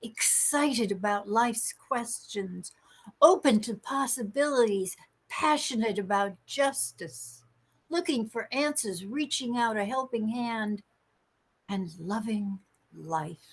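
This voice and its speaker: A woman minister reading a poem as the closing words of a church service, slow and reverent. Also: fairly high pitch, slightly rough, rough recording. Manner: slow, measured, reverent recitation. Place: church sanctuary during a livestreamed service.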